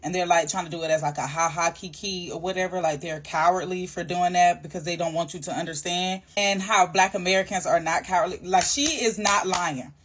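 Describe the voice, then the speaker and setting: A woman's voice: fairly low pitch, steady tone, a little fast, few pauses, fairly bright tone. Blunt slangy woman chatting. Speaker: social media creator. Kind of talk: casual storytelling rant.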